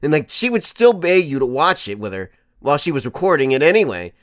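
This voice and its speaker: A man in his twenties telling a comic story to camera as a vlogger, animated and profane, often laughing. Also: on the high side, quick pace, no echo, studio quality. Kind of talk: comedic storytelling monologue.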